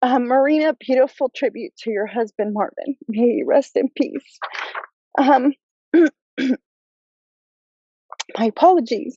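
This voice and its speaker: Woman, slow and choked up, soft mellow voice, muffled dry video-call audio, memorial tribute. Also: high voice, dry recording. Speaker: family member giving a tribute. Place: outdoors at a cemetery graveside.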